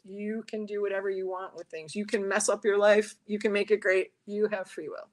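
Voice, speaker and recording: A woman's voice: medium pitch, a little fast, few pauses. A talkative woman, a tarot reader and guest, chatting casually in an interview and acting out little quoted voices as she tells her stories. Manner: talkative, animated storyteller who acts out quotes.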